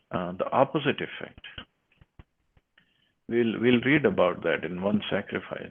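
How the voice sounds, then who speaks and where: A man's voice: fairly low pitch, husky. A man giving a scripture class, reading verses and then explaining them with frequent restarts. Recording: tinny phone-like line.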